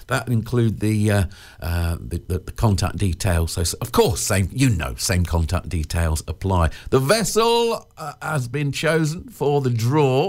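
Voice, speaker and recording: A man's voice: lowish voice, vocal fry. Chatty man hosting local radio. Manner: chatty and rambling, with frequent 'uh' fillers and restarts; jokey, laughs at his own asides. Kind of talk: casual radio chat. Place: radio studio.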